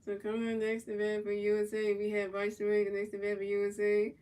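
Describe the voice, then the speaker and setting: Woman, gaming commentator; flat monotone play-by-play, repetitive and stumbling, heard from a distance. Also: medium pitch, quick pace. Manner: repetitive, stumbling calls with casual slang and swearing. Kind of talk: casual play-by-play commentary over a video game. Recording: voice picked up from a distance.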